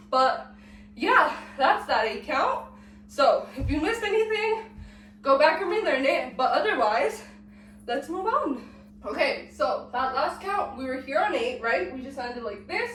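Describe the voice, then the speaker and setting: A woman's voice: sits high, a bit bright, far from the mic, slight background noise. A young woman, sick and out of breath, teaching a dance step by step and counting the beats aloud while she moves. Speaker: dance tutorial host. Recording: echoey room, voice off-mic.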